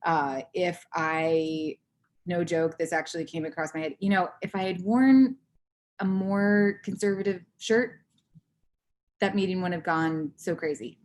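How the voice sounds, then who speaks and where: Candid, animated woman speaker. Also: on the low side, a little slow. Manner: animated, candid, acts out her own inner voice. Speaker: conference speaker. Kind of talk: personal talk to an audience.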